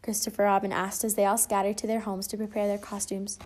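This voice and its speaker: A woman reads a children's picture book aloud in a gentle storytelling manner. She gives each character a light, different voice as she goes. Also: medium pitch, monotone, brisk, few pauses. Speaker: storybook reader.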